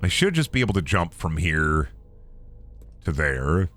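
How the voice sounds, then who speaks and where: Man, game streamer, jokey and foul-mouthed, animated swinging pitch, bright edge. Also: measured pace, soft background music. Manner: joking, profane, talks to himself. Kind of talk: casual gameplay commentary.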